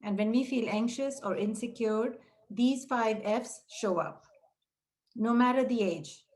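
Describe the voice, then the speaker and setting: A middle-aged woman with a somewhat high voice runs a training webinar for childcare center leaders. She speaks straight to her audience with direct encouragement. She often slips into quoted dialogue to act out classroom moments. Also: measured pace, a little mellow. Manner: breaks into quoted dialogue with raised pitch. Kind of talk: webinar teaching talk.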